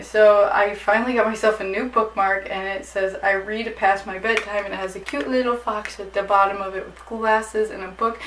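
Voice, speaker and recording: Chatty young woman, flat voice, roomy echo. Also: mid-range voice. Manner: chatty, lots of "like" fillers. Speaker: book vlogger. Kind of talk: casual book haul chat. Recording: echoey room, mic at a distance, faint hiss.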